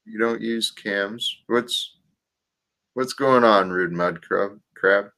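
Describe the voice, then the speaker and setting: Slow-spoken low-voiced man hosting a stream. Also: pushed and bright. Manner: slow and reflective, with restarts. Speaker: livestream host. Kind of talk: casual faith talk on a livestream.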